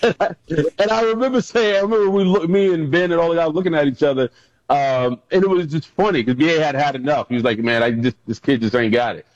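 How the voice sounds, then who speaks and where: A middle-aged man, a former pro football player, telling stories as a guest on a radio show, often acting out shouted lines. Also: on the high side, fairly quick, dry recording. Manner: animated, acts out coaches' shouts in his stories. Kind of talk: casual storytelling in a radio interview. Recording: dull, lo-fi sound.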